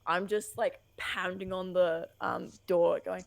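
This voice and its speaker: A woman's voice: lowish voice, steady tone, slow, creaky, no echo. A woman chatting eagerly as a player at a tabletop game. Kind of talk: casual game table chat.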